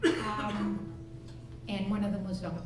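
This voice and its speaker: A woman around seventy, leading a ukulele jam with relaxed, chatty song introductions and a laugh at herself. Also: medium pitch, unhurried, recorded from a distance. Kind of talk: casual on-stage song introductions. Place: live music bar. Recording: echoey bar heard from afar, with music.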